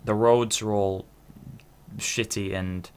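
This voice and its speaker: A man's voice: on the low side, fairly even intonation, slow, a little hiss or hum. A man in his twenties hosting a podcast, talking in a rambling, self-interrupting solo monologue with casual swearing. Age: 20s. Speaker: podcast host.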